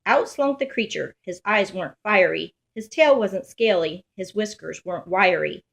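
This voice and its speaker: A woman reads a rhyming picture book aloud for children. Her delivery is lively and sing-song, and her voice sits at a medium pitch. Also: moderate pace, creaky. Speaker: storybook reader.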